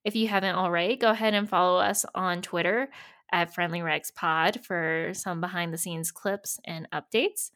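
A woman co-hosting a podcast in casual chat, relaxed and dry, often giving short agreeing replies. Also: lowish voice, moderate pace. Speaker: podcast co-host.

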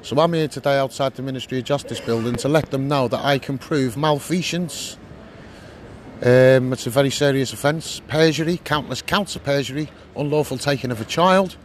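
A man's voice: medium pitch, a little hiss or hum. A man with a Scouse accent, a campaigner speaking earnestly and indignantly in an on-the-spot street interview. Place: outdoors on a city street.

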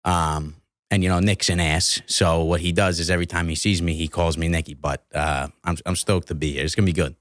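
A man's voice: low-pitched, steady tone, brisk, fairly bright tone, no room sound, studio quality. A man who is a podcast guest in casual chat, laid-back and rambling with plenty of filler words.

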